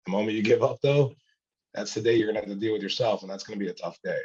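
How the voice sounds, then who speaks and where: Emphatic, husky male host. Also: fairly low pitch, racing, a little mellow. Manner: encouraging, emphatic. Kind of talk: casual chat. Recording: slightly muffled lo-fi sound.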